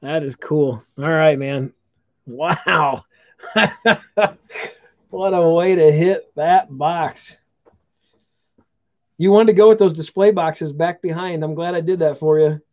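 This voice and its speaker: A man's voice: fairly high pitch, slow pace, long pauses, no room sound. A man hosts a live card break stream, taking his time as he names each pulled card and cheers on the buyers. His voice comes through dull and lo-fi, with a dry, close sound and no room around it. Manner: upbeat, congratulating viewers while calling out cards.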